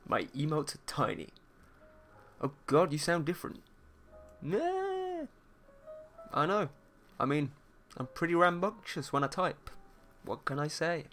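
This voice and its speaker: A man's voice: fairly high pitch, moderate pace, fairly bright tone, soft background music. A man with a posh British accent, hosting a casual art livestream and chatting and teasing his viewers in a playful way. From England. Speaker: art streamer host.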